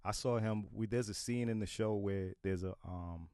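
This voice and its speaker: A middle-aged man, a comedian guest, talking casually and animatedly on a podcast, now and then breaking into loud impressions. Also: on the low side, normal speed, clean tone, no echo, clean studio sound.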